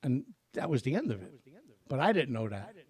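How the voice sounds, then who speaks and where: A man's voice: medium pitch, big pitch swings, brisk, darkish tone, slightly rough. An older man, telling rambling, profane stories with many fillers and restarts. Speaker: storyteller and singer. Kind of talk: casual storytelling.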